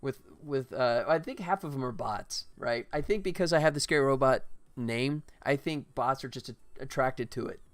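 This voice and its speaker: A man streams his game development, chatting casually while building levels, laughing often and thinking aloud as he works. His voice is mid-range and his pace moderate, with few pauses, on a dry recording.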